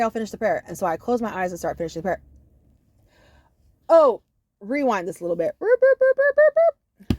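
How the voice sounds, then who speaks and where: A woman telling a casual storytime monologue to camera, animated and profane, with many "you know"s. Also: on the low side, no echo. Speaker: storyteller vlogger.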